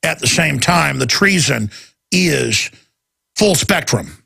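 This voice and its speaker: Brief: gravelly male talk radio host, forceful, intense and ranting, on a studio mic. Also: a little high, sing-song, moderate pace. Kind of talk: impassioned talk radio monologue.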